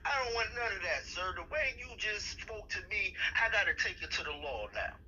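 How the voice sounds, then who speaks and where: A man's voice: sits high, lively intonation, brisk, a loud crowd. A man on a comedic phone call, blustering with indignant threats and tacking "sir" onto his sentences. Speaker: caller in a comedy phone bit.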